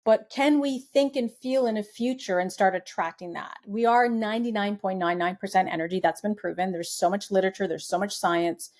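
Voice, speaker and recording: Middle-aged woman, podcast guest, animated storyteller, mid-pitched, voices the people she quotes. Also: a little fast, few pauses. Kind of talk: conversational storytelling.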